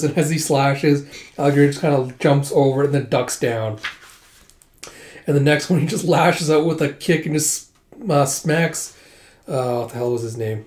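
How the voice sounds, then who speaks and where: Laid-back male comic recapper, mellow tone, roomy echo. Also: fairly high pitch, moderate pace. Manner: laid-back, with fillers and laughs. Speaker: comic readthrough host.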